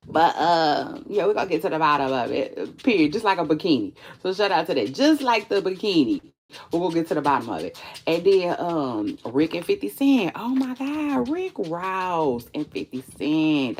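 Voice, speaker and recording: A woman vlogging in casual chat to camera, animated, profane and chatty, talking straight to her viewers. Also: sits low, moderate pace, a little hiss or hum.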